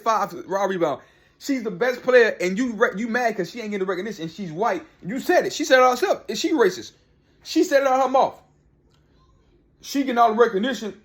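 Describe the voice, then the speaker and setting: A man ranting heatedly about sports in a vlog, repeating himself and talking back to people by name. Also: sits high. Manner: fired-up, repetitive, talks back to people by name. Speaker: sports commentary vlogger. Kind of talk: heated opinion rant.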